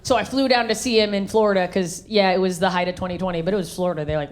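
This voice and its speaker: A woman performing a high-energy stand-up comedy set on stage, acting out voices and shouting her punchlines. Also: steady tone, racing. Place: comedy stage in front of a live audience. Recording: live stage recording with crowd. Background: audience laughter.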